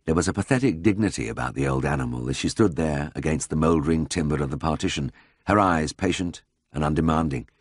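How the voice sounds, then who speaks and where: A man narrating a memoir audiobook in a measured, steady storytelling manner. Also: low-pitched, slightly rough, no echo, clean studio sound.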